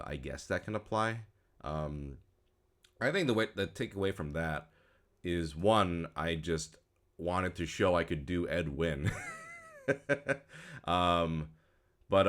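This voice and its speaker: A man in his thirties, a voice actor, giving casual commentary in a relaxed, rambling way, with many fillers and trailing-off phrases. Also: low voice. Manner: says his own speech is not super crisp. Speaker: voice actor and YouTuber.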